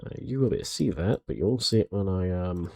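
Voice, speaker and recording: A man on a live stream talks in a rambling, chatty way, his lowish voice bouncing up and down as he greets his viewers. The sound is dry and close, with no room around it. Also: expressive, quick pace, vocal fry, darkish tone, husky, no room sound. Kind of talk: casual live-stream chat.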